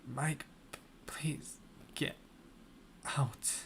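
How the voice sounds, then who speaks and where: A man's voice: a little high, very slow, vocal fry, a little hiss or hum, voice pushed up, full character voice. Man doing a faint, gasping dying young woman. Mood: weak pleading. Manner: broken, stammering whisper.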